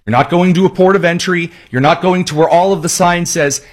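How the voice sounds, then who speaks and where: A man's voice: high-pitched, steady tone, brisk. A man hosting a radio and livestream talk show, delivering a sarcastic, mocking commentary monologue with emphatic repetition.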